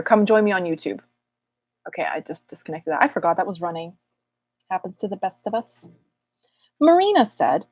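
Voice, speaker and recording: A woman's voice: on the low side, no echo. Chatty woman on a dry-sounding livestream. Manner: chatty and playful, calling out viewers' names. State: getting over an illness. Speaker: astrologer hosting a live Q&A. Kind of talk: casual livestream chat.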